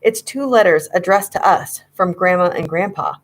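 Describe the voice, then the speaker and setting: A woman voicing a frightened, excitable young boy who calls out in a high, frantic voice, as in a storybook reading. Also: moderate pace, natural voice. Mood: nervous.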